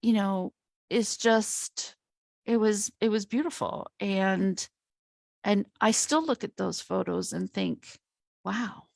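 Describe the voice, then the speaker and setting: Female host-coach, slow reflective delivery with a gravelly edge. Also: medium pitch, a little mellow, no room sound, studio quality. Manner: heartfelt, reflective, slow and thoughtful. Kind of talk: casual conversation.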